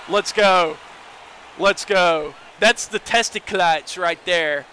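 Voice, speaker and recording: A young man chats through a live game stream, joking and talking straight to his viewers. His voice sits high and bright, and there is a faint hum of noise under it. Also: takes it slowly. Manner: joking, excitable, talks to chat. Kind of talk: casual live-stream commentary.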